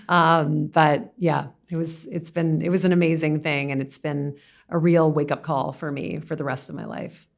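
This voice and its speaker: Low-voiced earnest woman. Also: level tone, moderate pace, creaky. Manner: earnest, reflective, laughs often. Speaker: podcast guest. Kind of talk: casual interview conversation.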